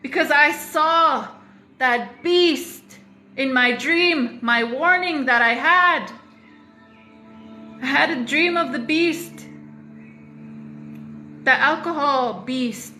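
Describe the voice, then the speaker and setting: A woman speaking slowly and deliberately to camera in a confessional vlog, her voice bright and fairly high. She leans on repetition and blunt language to drive her points home. The room is echoey. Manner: emphatic, repeats phrases for weight, swears. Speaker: vlogger.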